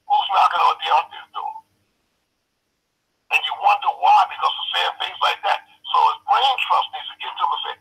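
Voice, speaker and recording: Raspy, gravelly older man, emphatic. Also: sits high, bright, forceful tone, low-quality recording. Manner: emphatic, repeats phrases for stress. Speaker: boxing trainer and manager. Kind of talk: live interview over a call.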